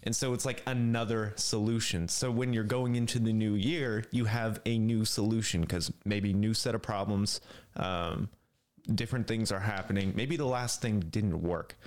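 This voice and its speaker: A man with a fairly low voice hosts a relaxed podcast chat. He rambles through his explanations and laughs easily. His talk stays loose and friendly. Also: normal speed.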